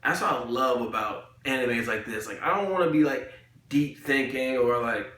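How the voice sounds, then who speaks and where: A man's voice: medium pitch, moderate pace, fairly bright tone. A young man reviewing an anime in casual chat, rambling with lots of slang and fillers. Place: room, recording a video. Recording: echoey room.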